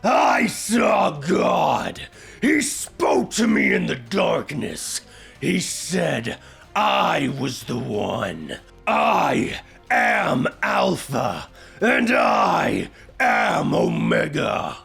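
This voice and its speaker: A man's voice: on the high side, huge pitch swings, very slow, gravelly, a bit bright, breathy edge, shouting, faint music behind, exaggerated voice. A man voicing a raging, zealous monster who bellows and snarls.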